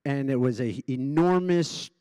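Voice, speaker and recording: Guy who stutters, restarting words a lot, talking to a crowd at a gala, mid pitch, dry close mic. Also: measured pace, mellow, no echo. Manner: stutters openly, with repeated sounds and restarts. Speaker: gala honoree giving a speech. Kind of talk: personal speech to a live audience.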